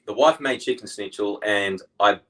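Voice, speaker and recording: A man's voice: on the low side, moderate pace, bright, forceful tone, low-quality recording. A young man with an Australian accent, a guest in casual chat, rambling through his stories and laughing along.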